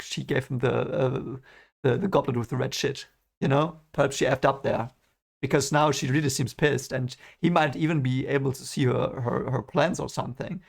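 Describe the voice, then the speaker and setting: A young man reading a novel aloud and thinking out loud about it in casual commentary, rambling and restarting his sentences. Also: medium pitch, vocal fry. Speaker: book reaction reader. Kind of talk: casual read-along commentary.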